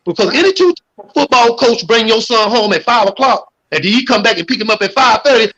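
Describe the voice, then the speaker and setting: Man, livestream guest, bright sharp tone, preachy and animated, cussing a lot. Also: very high voice, brisk, husky, rough recording. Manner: animated, preachy, swears freely. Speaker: guest caller. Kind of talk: casual livestream chat.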